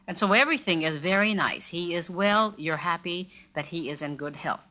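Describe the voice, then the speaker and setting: A woman narrating a spoken language lesson, demonstrating greetings with deliberately exaggerated inflection. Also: on the low side, pushed and bright. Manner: slow, carefully inflected, demonstrates phrases with exaggerated intonation. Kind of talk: scripted spoken-word lesson.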